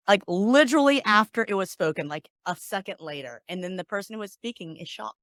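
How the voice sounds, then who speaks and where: A woman's voice: mid-range voice, brisk, no echo, studio quality. A woman mediator and negotiation coach talking in a podcast interview, acting out sample exchanges as she explains. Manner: animated, acts out example dialogues.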